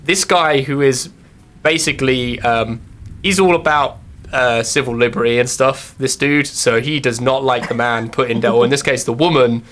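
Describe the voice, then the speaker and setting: A man's voice: mid-range voice, moderate pace, a bit bright, a little hiss or hum. A man narrating as game master, hesitant and full of fillers.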